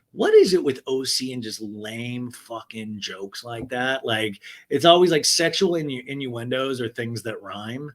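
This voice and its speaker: A man hosting a podcast, recapping a reality show in an animated, gossipy and profane casual chat. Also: mid-range voice, moderate pace. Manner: animated, gossipy, profane, laughs at own jokes. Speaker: podcast host.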